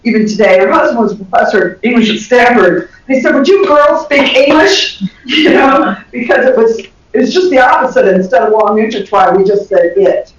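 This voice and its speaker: An older woman from the American South with a Southern accent, giving an animated lecture to health workers and laughing often. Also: medium pitch, brisk. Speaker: communication professor giving a lecture. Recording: echoey dull recording from far off.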